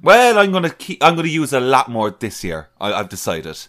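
A man's voice: mid-range voice, wildly swooping pitch, brisk, fairly bright tone. A man with an Irish accent, co-hosting a games podcast in casual chat. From Ireland. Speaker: podcast co-host.

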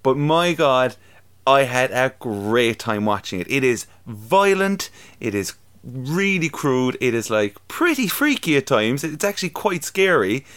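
Young male co-host, relaxed film chat, mid pitch, giggles and swears a lot. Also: measured pace, clear, resonant tone. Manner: chatty, laughing, swearing freely. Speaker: podcast co-host. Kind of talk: casual chat reviewing films.

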